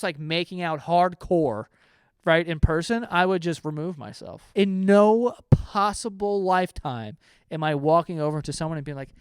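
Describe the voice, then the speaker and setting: A man in his thirties reacts to stories in a loose, animated rant, now and then swearing and slipping into mock voices. His voice sits a little high and comes across smooth and clear. The sound is dry and close, with no room around it. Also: no room sound. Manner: animated, ranting, swears, acts out angry voices. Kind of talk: casual reaction commentary.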